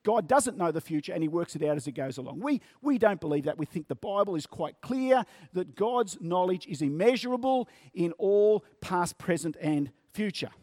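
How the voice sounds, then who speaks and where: A man preaching a sermon, speaking in a measured way and stretching key words for emphasis. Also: high-pitched, expressive, a little mellow, no room sound, clean studio sound.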